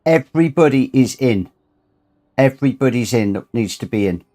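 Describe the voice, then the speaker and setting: A man's voice: mid-range voice, expressive, moderate pace, warm tone. A man hosting a charity gaming livestream, emotional and grateful, repeating his thanks as he gets choked up. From United Kingdom. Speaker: livestream host and racing gamer.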